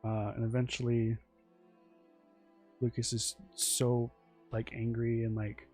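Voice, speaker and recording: A man rambles through the plot of his own characters in a casual, offhand way, stopping and restarting sentences and swearing freely. His voice sits at an ordinary middle pitch, and soft music plays faintly underneath. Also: monotone, slow. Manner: meandering, full of fillers, restarts and swearing. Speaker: creator describing his original characters.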